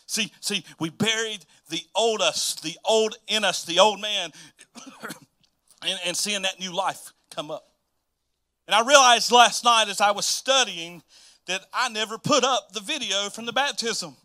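A man's voice: high-pitched, measured pace, pushed and bright. A middle-aged male pastor preaching a casual, chatty sermon and repeating phrases for emphasis.

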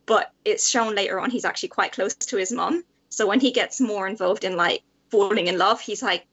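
Brief: woman, husky mid-pitched voice, quick casual chat. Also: lively intonation, a bit bright. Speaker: writer.

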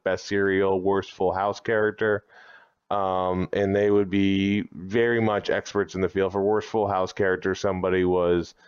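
Man, very low voice, smooth and resonant, muffled lo-fi sound, dry deadpan jokes. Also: dry recording. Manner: deadpan jokey, mock-serious. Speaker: comedian guest. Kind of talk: casual podcast chat.

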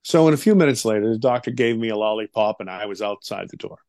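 Middle-aged male guest, gravelly storyteller, animated, with plenty of "you know"s. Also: on the low side, quick pace, no room sound, clean studio sound. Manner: animated, acts out quoted voices, many fillers. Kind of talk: interview storytelling.

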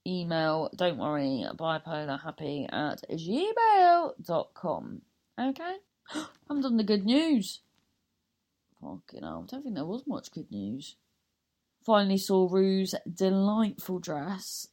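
A woman's voice: fairly low pitch, big pitch swings, slow pace, a little mellow. A woman comedian hosting her own podcast, wrapping up an episode in a rambling, self-mocking way that keeps losing its thread. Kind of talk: casual podcast sign-off.

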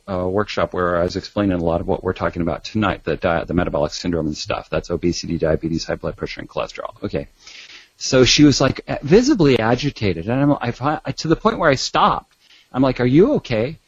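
Doctor guy on a talk show, lowish voice, chatty storyteller, lots of restarts, dry muffled audio. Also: fairly quick, breathy edge, no echo. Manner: animated storyteller with many restarts. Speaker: guest doctor and author. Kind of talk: casual talk show interview.

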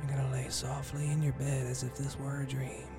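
A man's voice: mid-range voice, monotone, fairly quick, music in the background. Man leading a mock guided meditation.

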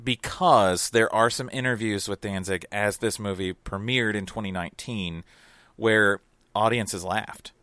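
A man's voice: on the low side, measured pace, pushed and bright, no room sound. A man in casual podcast chat, rambling with lots of fillers and restarts. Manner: rambling, hesitant, many fillers. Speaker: podcast co-host reviewing a film.

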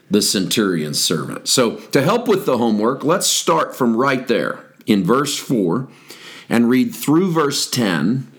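A man with a mid-pitched voice teaches from a Bible passage on his podcast. He reads verses aloud, then stops to stress key words and unpack them for listeners. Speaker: pastor.

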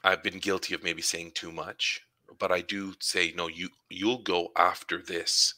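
A man with a very deep, strikingly bright and forceful voice talks casually about his work as a supply teacher. He tells his stories by acting out what he and his students said. The sound is dry and close, with no room echo. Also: fairly even intonation, unhurried. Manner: storytelling, acts out dialogue with students. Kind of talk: casual conversation.

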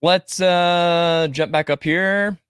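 A man hosting a live podcast in a casual, halting way, reading out listener comments and answering them. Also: high voice, fairly even intonation, fairly bright tone, clear, resonant tone, dry recording, clean studio sound. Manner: halting, many fillers and restarts. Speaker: podcast host. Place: Missouri area studio.

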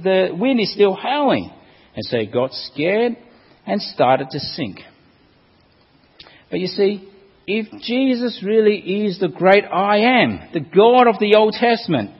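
A man preaches a sermon in a fairly high, husky voice that swings widely in pitch. He asks rhetorical questions and quotes scripture with emphasis. The sound is dull and lo-fi, with a long reverb tail from the hall.

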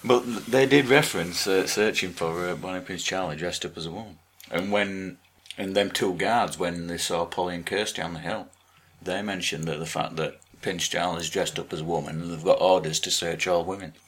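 A man's voice: sits low, normal speed, hardly any pauses, fairly bright tone, husky. A man co-hosting a podcast in casual chat, earnest and argumentative, restarting his words often. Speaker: podcast co-host.

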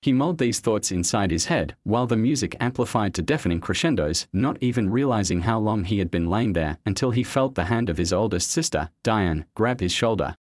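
A man reads a story aloud at a steady, even pace. His voice sits on the low side, and the recording is dry and close, with no room sound around it. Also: a little fast, hardly any pauses, dry recording. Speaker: narrator. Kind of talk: scripted storybook narration.

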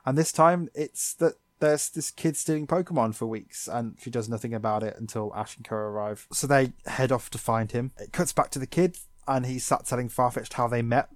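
A man co-hosting a podcast, sarcastically recapping a cartoon episode in animated storytelling. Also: medium pitch, normal speed, hardly any pauses, dry recording. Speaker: podcast co-host.

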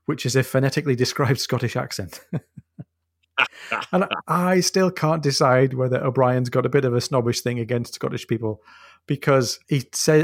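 In clean studio audio with no echo, this co-host's mid-range voice carries a relaxed, thoughtful conversation about a novel. He reads quotes expressively and laughs often.

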